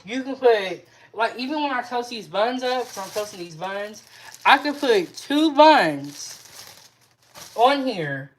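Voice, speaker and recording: A woman's voice: fairly high pitch, animated, slow, a little hiss or hum. A young adult woman hosting a casual cooking livestream from her home kitchen, chatting and answering viewers' comments as she cooks. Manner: chatty, reads out and answers live chat comments. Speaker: cooking show host.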